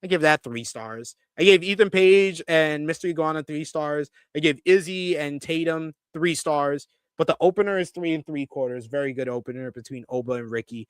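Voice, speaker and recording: A man hosting a live-stream wrestling review, reading viewer comments and ranting loudly at times. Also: on the high side, moderate pace, few pauses, clean tone, no echo. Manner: animated, swears when ranting.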